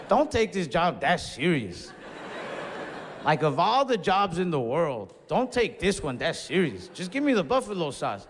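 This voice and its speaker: Speaking at a moderate pace in a slightly high voice, a man performs stand-up in a hall, laughing as he tells his story and acting out the people in it. Live hall reverb and faint ambience come through in the recording.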